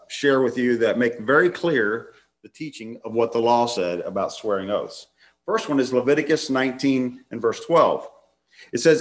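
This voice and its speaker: Man, preacher, sermon, reads scripture aloud, numbered points, mid pitch.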